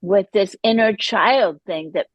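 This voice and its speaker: A woman, a podcast guest, telling her personal recovery story in an animated way, acting out the voices she quotes. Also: medium pitch, unhurried, dry recording, dull audio.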